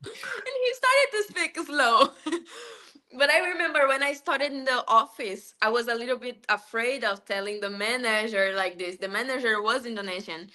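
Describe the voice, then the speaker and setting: Woman guest, bright, slightly high voice, laughing often through lively anecdotes in a casual interview. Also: moderate pace. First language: Portuguese. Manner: laughs often, animated storytelling. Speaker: guest, former cruise ship buffet administrator.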